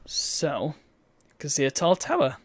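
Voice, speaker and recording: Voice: mid-range voice, big pitch swings, slow, slightly rough, no echo. A streamer giving wry, bemused commentary while reading a game's text aloud. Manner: wry, bemused asides between read-out lines.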